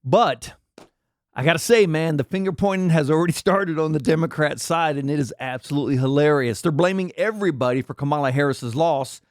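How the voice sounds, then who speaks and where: A man's voice: fairly high pitch, brisk, no room sound, clean studio sound. A man hosting a podcast, ranting his political opinions in a blunt, mocking way and repeating himself. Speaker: podcast host.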